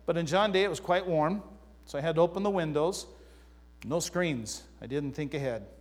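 A man's voice: a little high, moderate pace. A man preaching a sermon, mixing scripture reading with casual personal stories. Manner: conversational preaching with personal anecdotes. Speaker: pastor. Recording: reverberant hall.

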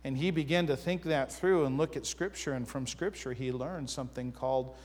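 A man's voice: mid-range voice, brisk, darkish tone. A man preaching a sermon, mixing scripture reading with casual personal stories. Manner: conversational preaching with personal anecdotes. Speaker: pastor. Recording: reverberant hall.

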